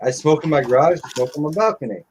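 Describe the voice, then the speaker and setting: A man's voice: fairly high pitch, expressive, fast, darkish tone, a little hiss or hum. A middle-aged man telling stories in casual live-stream chat, blunt and profane.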